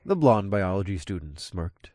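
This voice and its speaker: Lively first-person male narrator. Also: sits low, normal speed, no room sound, clean studio sound.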